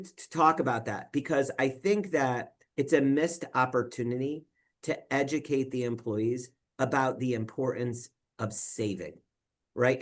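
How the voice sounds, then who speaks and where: A young man, a financial advisor, giving a conversational presentation to local government officials, telling personal stories and repeating words as he goes. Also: medium pitch. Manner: conversational, tells personal anecdotes, acts out quoted dialogue; frequent fillers and repeated words. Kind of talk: conference presentation talk.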